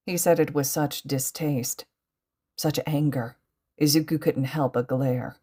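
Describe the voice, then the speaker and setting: A woman reading fan fiction aloud as a podfic narrator, with steady, even storytelling. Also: deep voice, a little slow, husky. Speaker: podfic reader.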